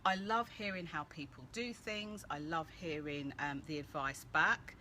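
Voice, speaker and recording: A woman hosting a casual live-stream Q&A, chatty and animated, greeting viewers by name as she gives coaching tips. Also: low-pitched, measured pace. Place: outdoors-adjacent room with street noise. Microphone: phone or laptop live stream. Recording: faint background street noise.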